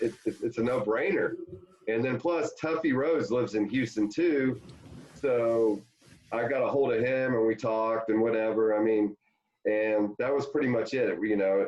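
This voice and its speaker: A man's voice: fairly low pitch, a little mellow. A man, a former pro ballplayer, telling rambling anecdotes full of fillers in a casual interview. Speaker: former pro baseball player, guest. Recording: dull lo-fi sound.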